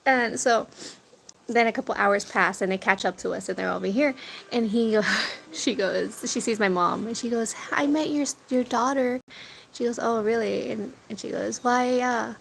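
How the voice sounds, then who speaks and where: A woman's voice: mid-range voice, moderate pace, vocal fry, fairly bright tone. A young woman chatting casually to her viewers as a food vlogger, telling stories, swearing now and then and laughing often. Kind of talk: casual chat to a live audience. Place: outdoors near a corner store. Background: wind and birds.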